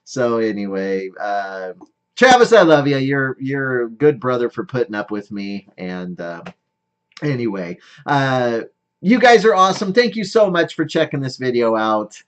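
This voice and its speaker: A man's voice: medium pitch, sing-song, a little slow, clean tone. A middle-aged man casually talking through one of his sculptures, rambling with many fillers and self-deprecating humor. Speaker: sculptor showing his work. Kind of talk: casual show-and-tell vlog.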